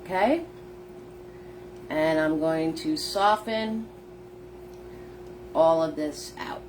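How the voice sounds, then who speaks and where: Speaking very slowly in a low, slightly mellow voice, a woman runs a live painting class on a phone mic with slight background noise. She narrates the steps one by one in a chatty manner, naming viewers as she greets them.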